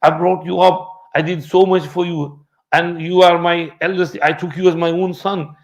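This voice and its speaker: A man's voice: sits high, steady tone, moderate pace, gravelly. A man voicing a hurt, stern elderly aunt who refuses him with clipped, indignant lines.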